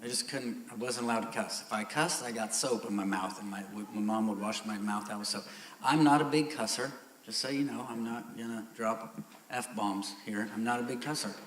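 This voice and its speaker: A middle-aged man preaching a sermon as pastor, candid and growing loud and emphatic. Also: fairly low pitch, normal speed, a little hiss or hum. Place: church sanctuary. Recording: echoey church hall.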